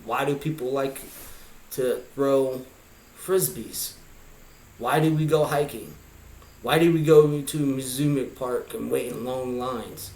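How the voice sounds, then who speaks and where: A man's voice: medium pitch, slow pace, a little mellow. A man vlogging a pondering monologue of rhetorical questions. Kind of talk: musing monologue. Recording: echoey room.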